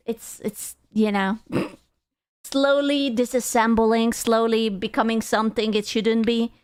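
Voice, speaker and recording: A woman streamer chatting casually with her live chat, playful and joking, swearing freely. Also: on the high side.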